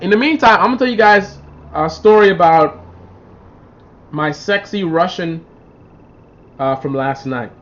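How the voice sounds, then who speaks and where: High-voiced man chatting on a lo-fi livestream. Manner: rambling, animated storytelling, reads out viewer comments. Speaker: livestream host. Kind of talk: casual live-stream chat. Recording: dull lo-fi livestream audio.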